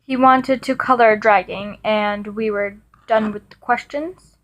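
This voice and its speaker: A woman voicing a brainwashed young man who speaks flatly and dismissively, in a fan-read audio story. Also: mid-range voice, measured pace, lightly acted, poor audio. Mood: cold. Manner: flat, dismissive delivery. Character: cold, monotone young man, a brainwashed hero.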